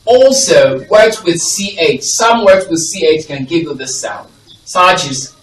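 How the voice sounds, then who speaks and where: This English teacher's voice sits a little high and is expressive, and he keeps a measured pace. He teaches phonics to a class, stressing example words as he repeats them and making sure students keep up. Recorded from a distance in an echoey room.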